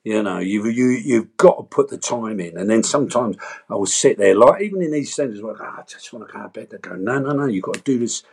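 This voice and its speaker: An older man tells stories in a relaxed interview, leaping into the voices of the people he quotes. His voice sits low and has a husky edge. He talks in a lively, playful way. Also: a little fast. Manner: animated storyteller, acts out voices and quotes. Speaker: actor and entertainer, guest. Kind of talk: casual interview chat.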